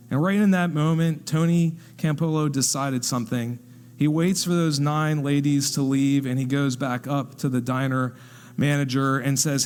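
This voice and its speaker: A man preaching a sermon, telling a story and acting out the people in it with lively narration. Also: medium pitch, moderate pace, smooth, in a large hall. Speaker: pastor. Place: church hall.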